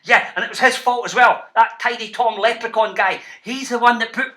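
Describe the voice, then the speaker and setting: Scottish guy reading to kids, bright lively voice, teasing and fun. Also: very high-pitched, fairly quick, a little hiss or hum. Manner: animated, playful, teasing. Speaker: children's author. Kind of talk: reading and teaching to schoolchildren.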